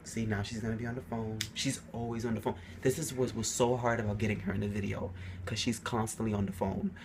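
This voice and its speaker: A man's voice: fairly low pitch, fast talker, noisy background. A young man vlogging to camera, telling personal stories casually and acting out quotes animatedly. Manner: animated, acts out quotes with a raised voice.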